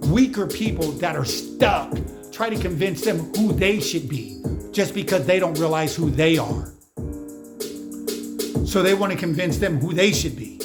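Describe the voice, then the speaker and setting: A man's voice: fairly high pitch, expressive, measured pace. A man giving an emphatic, slangy motivational monologue on spiritual matters, lecturing his viewers directly. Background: music playing behind.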